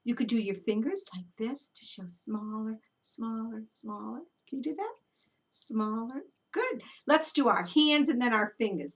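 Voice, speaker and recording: Lively story-time woman, far from the mic. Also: fairly high pitch, unhurried. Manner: animated and encouraging, speaking to toddlers. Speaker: early childhood educator. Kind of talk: children's story time with movement.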